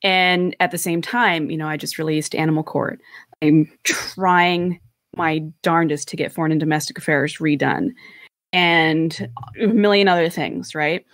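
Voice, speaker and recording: A woman's voice: low voice, steady tone, unhurried, fairly bright tone, no room sound. A woman co-hosting a podcast, telling a candid personal story in casual chat, swearing now and then. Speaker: podcast co-host.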